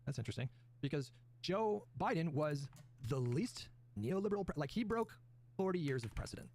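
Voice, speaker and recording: Man, political commentator, sarcastic, theatrical, higher voice, animated pitch. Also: moderate pace, slight background noise. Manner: mocking, theatrical outbursts. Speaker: commentator in a played clip.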